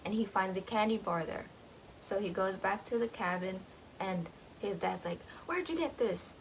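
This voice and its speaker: A woman's voice: mid-range voice, steady tone, normal speed, gravelly, slight background noise, rough recording. A young woman casually retelling a book's plot, rambling with lots of fillers and giggles. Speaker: book vlogger.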